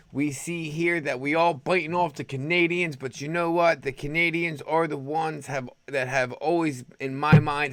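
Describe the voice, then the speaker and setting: A man's voice: on the high side, no echo. A man hosting an opinionated news commentary show, sarcastic and rambling as he reads headlines. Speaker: host.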